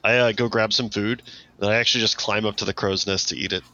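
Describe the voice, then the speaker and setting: A man's voice: on the low side, steady tone, fast, bright, forceful tone, dull audio. A man playing a tabletop game, describing his character's actions in a playful, joking way. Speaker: player.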